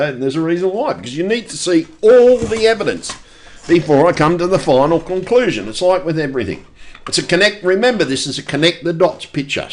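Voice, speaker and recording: A middle-aged man delivering a rambling, profane, insistent monologue for his video channel. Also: a little high. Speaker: conspiracy video maker.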